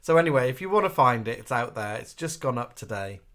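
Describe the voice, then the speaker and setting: A man from England co-hosting a relaxed live stream. His voice moves up and down in a lively way. He chats easily and reads viewer comments aloud to the audience. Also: mid-range voice, quick pace. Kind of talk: casual chat.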